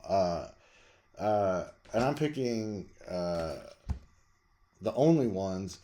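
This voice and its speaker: A middle-aged man, the host, chatting casually and rambling about his record collection, jumping to loud emphasis. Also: fairly low pitch. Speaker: vlog host reviewing records.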